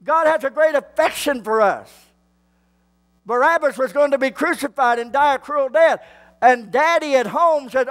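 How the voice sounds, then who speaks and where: A male pastor, preaching a sermon slowly and building to fervent shouts. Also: extremely high pitch.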